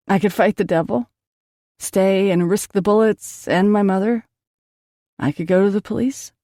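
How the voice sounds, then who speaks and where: A woman's voice: mid-range voice, mellow, no room sound, studio quality. A woman narrating an audiobook in an emotional first-person reading.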